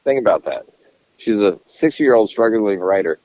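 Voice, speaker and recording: A man with a deep, low voice talks politics loosely and crudely, rambling and circling back on his own phrases. The sound is dull and lo-fi, with a dry, close feel and no room echo. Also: lively intonation, moderate pace, warm tone. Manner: profane, rambling, restarts sentences. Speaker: podcast co-host. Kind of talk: casual political chat.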